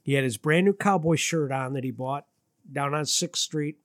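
A man's voice: moderate pace, dry recording, studio quality. A man from Detroit, a musician guest, telling stories in a casual interview, jumping his voice up for quoted lines. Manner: animated storyteller, swings his voice up high for quoted lines.

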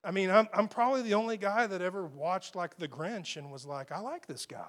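A man's voice: sits high, fairly quick, fairly bright tone. A man preaching a conversational, self-deprecating sermon that builds to emphatic peaks. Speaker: pastor.

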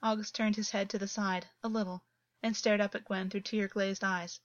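A woman's voice: medium pitch, level tone, moderate pace, no room sound. Woman narrating a story, lo-fi. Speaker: audiobook narrator.

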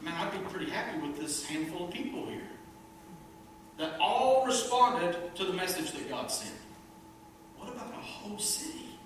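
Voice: mid-range voice, expressive, moderate pace. A pastor preaching a sermon to a small congregation in an emphatic way, with rhetorical questions and playful asides. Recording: very echoey room, distant mic, faint noise.

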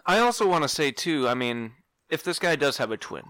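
A man co-hosting a comedy podcast, joking and riffing in casual chat, quick to laugh. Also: on the high side, big pitch swings, fairly bright tone, clean tone, no echo. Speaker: podcast co-host.

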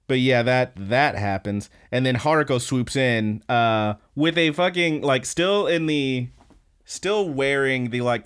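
A man co-hosting a podcast, casually recapping an anime episode with lots of fillers and quick laughs. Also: medium pitch, clean tone. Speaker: podcast co-host.

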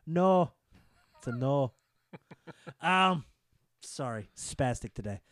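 Excitable guy rambling about wrestling, voice jumps all over, dry close sound. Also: medium pitch, slow, long pauses, no echo. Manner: excitable, rambling, jokey asides. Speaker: podcast co-host. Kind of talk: casual wrestling chat.

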